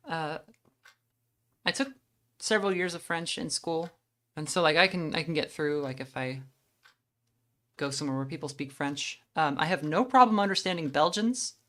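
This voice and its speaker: A woman's voice: sits low, expressive, normal speed, pauses often, fairly bright tone. A woman hosting a let's play, chatting casually and rambling about a game.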